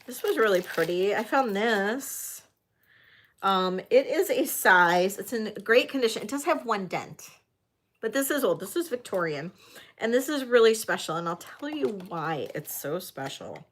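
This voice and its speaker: A woman hosting a livestreamed vintage jewelry auction, chatting to viewers and gushing excitedly over the pieces. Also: mid-range voice, measured pace. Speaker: host of a live jewelry sale. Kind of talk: live auction chat.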